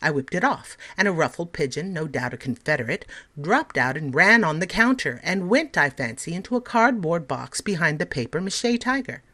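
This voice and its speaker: A woman teacher reading a story aloud in an expressive, measured way. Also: deep voice.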